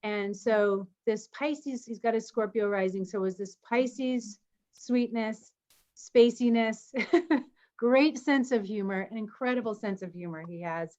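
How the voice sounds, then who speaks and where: A woman co-hosting an online meeting, telling a personal story in an animated way and laughing as she goes. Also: fairly high pitch, measured pace. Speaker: co-host of an online community meeting. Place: home, on a video call. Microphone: video call. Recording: slightly dull video call audio.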